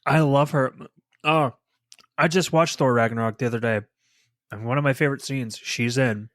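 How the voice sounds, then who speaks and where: A man's voice: medium pitch, normal speed, a bit bright, dry recording, clean studio sound. A man co-hosting a podcast in casual chat, easygoing and profane, often giving short reactions. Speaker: podcast co-host.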